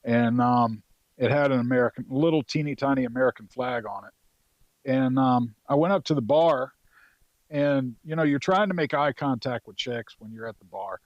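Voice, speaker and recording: A man of about forty from North Carolina tells an old service story in a relaxed, rambling way. He swears freely and leans on fillers. His voice has a middling pitch, and the sound is dry and close with almost no room echo. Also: moderate pace, highs cut off. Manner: loose and profane, with many fillers. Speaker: podcast guest, Marine veteran. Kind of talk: casual storytelling.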